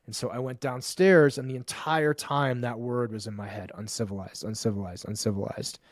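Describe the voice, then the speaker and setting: A man's voice: medium pitch, dry recording, studio quality. Emphatic, salty-mouthed male storyteller. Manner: emphatic, profane, fast-building lists. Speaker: podcast guest, men's coach. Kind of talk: animated storytelling in conversation.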